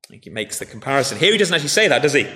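A man's voice: medium pitch, racing. Man preaching in an echoey church. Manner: conversational, animated retelling with frequent restarts. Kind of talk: sermon. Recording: echoey church hall with faint noise.

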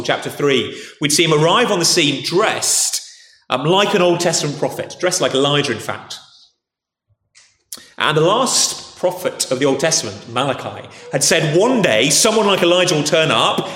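A man's fairly high, slightly bright voice rings through an echoey hall as he preaches in a posh English accent. His sermon is conversational, peppered with restarts and "okay."

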